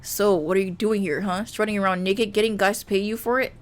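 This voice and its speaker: A woman's voice: medium pitch, fairly even intonation, a little fast, natural voice. A woman voicing an aggressive, controlling young man in a visual novel, who sounds casual yet menacing. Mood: sneering.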